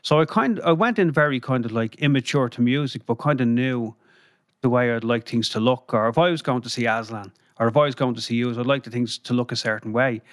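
A man's voice: medium pitch, brisk, no echo, clean studio sound. An Irish man, a guest on a podcast, telling anecdotes in a rambling, chatty way, with lots of fillers and chuckles. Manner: rambling, lots of "you know" and "um", chuckles while telling stories. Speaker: guest, former band crew member. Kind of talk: casual anecdotal storytelling. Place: podcast studio.

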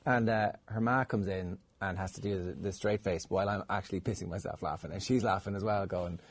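A young Irish man, a radio co-host, telling an anecdote in an amused, animated way. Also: low voice, a little fast, husky, no echo. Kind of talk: casual chat.

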